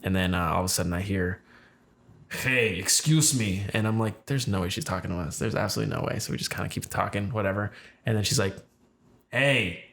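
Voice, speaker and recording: A man's voice: sits low, fairly even intonation, racing, gravelly. A man co-hosting a podcast, telling a story in a casual chat and acting out the people he quotes. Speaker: podcast co-host.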